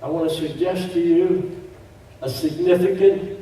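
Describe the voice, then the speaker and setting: A man's voice: on the high side, fairly even intonation, a little slow, dark tone. A man preaching a sermon, emphatic, repeating key phrases with joking asides. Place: church sanctuary. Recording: echoey church room, distant mic.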